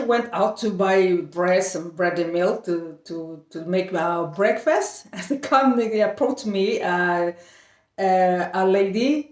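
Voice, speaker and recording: A middle-aged woman from Brazil, Portuguese-speaking by birth, recounts her story in slow, halting English. She often restarts phrases and laughs between them. Her voice sits back from the microphone in a roomy, echoing space. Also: medium pitch, recorded from a distance. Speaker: vlogger. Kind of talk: casual storytelling. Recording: echoey room, voice a bit off-mic.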